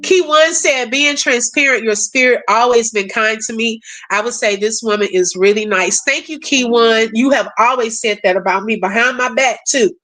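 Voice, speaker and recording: A woman hosts a casual live chat with her viewers, reading their messages aloud and answering warmly with prayers and blessings. Her voice sits high and sounds bright and forceful, and her delivery is animated and emotional, with frequent laughter. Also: normal speed, few pauses. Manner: animated, laughs often, calls viewers sis and y'all. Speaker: livestream host.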